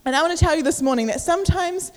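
A young woman with a very high voice talks fast through a casual sermon as a youth preacher, her words echoing around the church hall. She's chatty with lots of fillers, acts out inner voices, and is slightly short of breath.

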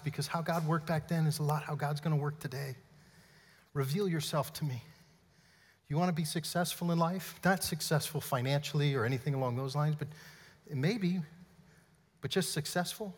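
Energetic pastor in a reverberant hall. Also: male voice, fairly high pitch, moderate pace, pauses often. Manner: energetic, playful, demonstrating on stage. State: out of breath. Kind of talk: sermon. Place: church hall.

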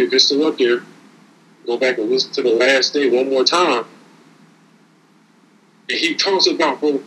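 A man's voice: medium pitch, bright, forceful tone, poor audio. A man giving casual, streetwise motivational talk as a podcast co-host, preaching and repeating words as he builds each point.

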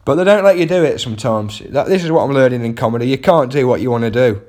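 A man's voice: mid-range voice, fast talker, a little mellow. A man, a comedian hosting his own podcast, telling a rambling, self-mocking story with wry asides. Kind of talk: casual comic monologue.

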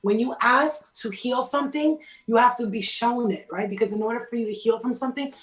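A woman's voice: a little high, fairly quick, echoey room, rough recording. A woman giving casual spiritual advice in a blunt, emphatic way, swearing freely as she talks.

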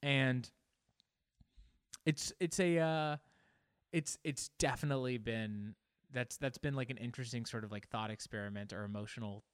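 Smooth-voiced man musing aloud. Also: medium pitch, moderate pace, pauses often, no echo, studio quality. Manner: musing, searching for words aloud. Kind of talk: casual reflective monologue.

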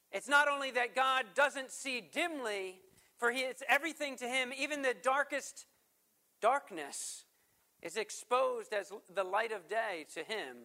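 Slow, bright-voiced man preaching. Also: very high-pitched. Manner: earnest preaching, swells up then drops to hushed emphasis. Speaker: pastor. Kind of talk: sermon.

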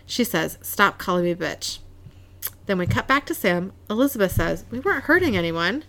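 A woman podcast co-host casually recaps a TV episode, narrating scenes, quoting the characters' lines aloud, and laughing often. Her voice is medium-pitched, sing-song and sharp in tone, at normal speed.

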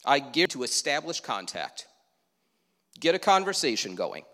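A man's voice: mid-range voice, sing-song, normal speed, bright, forceful tone, in a large hall. A man preaching a sermon from the pulpit in a conversational way, asking his listeners questions and adding asides. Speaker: pastor. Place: church sanctuary.

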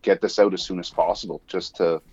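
A man with a fairly low voice co-hosts a casual podcast. He is upbeat, laughs often and swears casually. His audio sounds dull and lo-fi. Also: fairly even intonation, fairly quick, a little mellow, husky. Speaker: podcast co-host.

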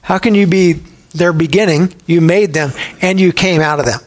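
Preaching at a moderate pace, a male pastor speaks in a slightly elevated pitch. He urges his listeners emphatically, pressing his points with one rhetorical question after another.

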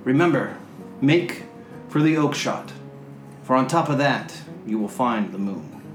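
A man's voice: mid-range voice, animated, close to an everyday voice. A man doing an old campfire storyteller. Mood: quiet advice. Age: older. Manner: slow, hushed storytelling. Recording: roomy sound with faint music.

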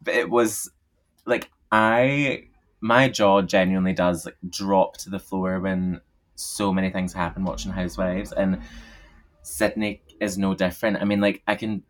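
A man's voice: low voice, level tone, a little slow. A man chatting casually as a podcast guest, laughing often and swearing freely. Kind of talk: casual chat.

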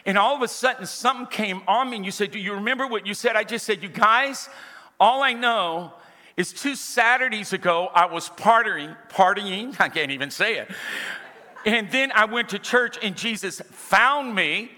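A man's voice: high voice, fairly quick, sharp tone. A man preaching a sermon, telling his own story and calling on the congregation to repeat key phrases back to him. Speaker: pastor. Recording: long hall reverb.

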